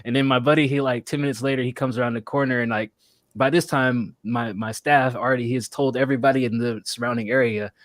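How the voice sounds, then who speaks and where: A man in his thirties co-hosting a casual podcast, telling office stories with animated energy. He slips into quick impressions of the people in them and breaks into laughter. The sound is dry and close, with no room around it. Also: mid-range voice, no room sound. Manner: animated, acts out quotes, laughs a lot. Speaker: podcast co-host. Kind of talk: casual storytelling chat.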